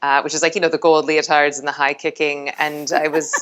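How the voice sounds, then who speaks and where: A woman in her thirties, a meditation teacher telling her story as a guest in a casual podcast chat, animated and laughing often. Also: low voice, a little fast. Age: 30s.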